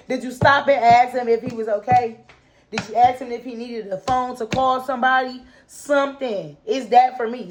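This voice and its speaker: A woman with a fairly high voice vents in an unscripted vlog monologue, speaking as a mother who speaks up for kids. She talks in a casual, slangy way and calls her viewers "y'all". Her delivery is impassioned and ranting, and she keeps firing off rhetorical questions. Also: a little mellow, slight background noise, rough recording. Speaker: mother and kids' advocate.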